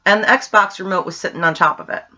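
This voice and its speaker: A young woman casually telling a ghost story to the camera, animated, laughing often and swearing freely. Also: mid-range voice, quick pace, muffled recording. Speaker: vlogger.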